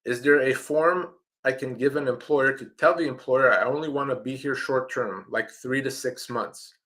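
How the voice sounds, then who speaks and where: A middle-aged man from Canada answers viewers' questions live as an employment lawyer. He talks in a direct, emphatic way and circles back to repeat the points that matter. His pitch sits in an ordinary middle range for a man. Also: normal speed, a bit bright. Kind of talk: live-streamed advice Q&A.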